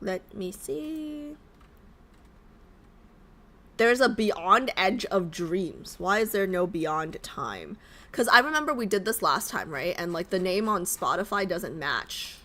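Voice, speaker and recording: A woman's medium-pitched voice has a sing-song lilt, a slow pace and a fairly bright tone. She's a live streamer at her home setup in New York, chatting casually, wandering from topic to topic and often questioning her viewers.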